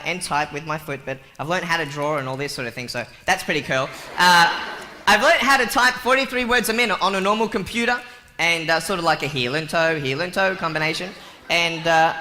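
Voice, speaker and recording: A man joking and telling stories to a live audience in a playful, animated way. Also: high voice. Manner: playful, jokey, animated storytelling. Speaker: motivational speaker. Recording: long hall reverb with faint noise.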